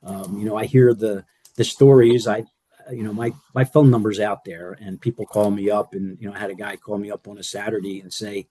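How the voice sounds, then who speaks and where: Older male panelist, low mellow voice, loose rambling delivery full of fillers. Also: little pitch movement, a little fast, slightly rough. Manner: rambling, lots of fillers and restarts. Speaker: panelist, former care partner. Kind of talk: panel discussion.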